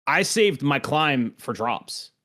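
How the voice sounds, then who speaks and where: A man's voice: medium pitch, lively intonation, slow, pushed and bright. A man co-hosting a podcast in casual chat, rambling and joking, often breaking into laughter. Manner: jokey, rambling, laughs at bits. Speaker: podcast co-host.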